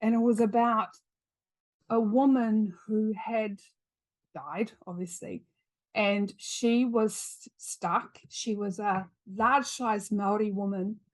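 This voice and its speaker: A woman's voice: medium pitch, steady tone, takes it slowly. A middle-aged woman with a New Zealand accent, a podcast guest telling a story in earnest, repeating phrases for emphasis. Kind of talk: storytelling in an interview.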